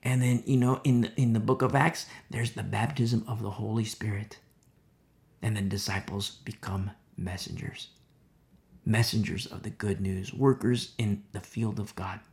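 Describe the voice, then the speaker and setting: A man's voice: fairly low pitch, steady tone, normal speed, a little mellow. A man preaching a conversational sermon, full of fillers and acted-out quotes, at times dropping to a whisper. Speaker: pastor.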